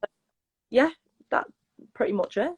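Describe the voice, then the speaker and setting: A woman's voice: fairly high pitch, animated, measured pace, slightly rough, poor audio. A young woman from Liverpool, chatting casually as a guest and laughing often. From Liverpool, England. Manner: laid-back, laughs often, many fillers. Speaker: guest footballer. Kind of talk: casual chat.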